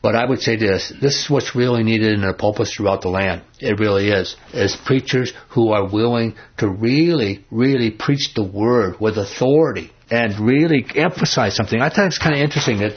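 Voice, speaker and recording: A man's voice: on the low side, breathy edge. A man leading a Bible study, reading verses aloud and explaining them in an emphatic, conversational way, often asking his listeners questions. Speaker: Bible teacher. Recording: dull lo-fi recording.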